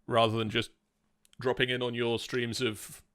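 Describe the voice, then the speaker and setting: A man hosting a tabletop game stream, chatting in an animated, self-mocking way at his desk mic. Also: medium pitch, moderate pace, clean tone, dry recording, studio quality. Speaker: host and dungeon master. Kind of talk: casual stream chat.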